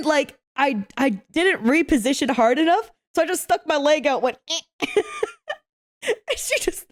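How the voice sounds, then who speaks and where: A young woman reacting to an anime, her voice sitting high and leaping around in pitch. She chats casually, swears freely and breaks into shouts at the screen as the action grabs her.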